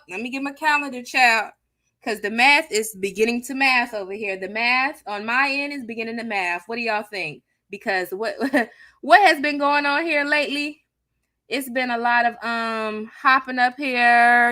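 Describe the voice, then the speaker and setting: A woman hosting a live stream, chatting with her viewers in a sassy, casual way with a soft, near-whispered delivery on a close mic. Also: mid-range voice, no room sound. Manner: chatty, sassy, talks to chat as "child" and "honey". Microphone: new close studio mic.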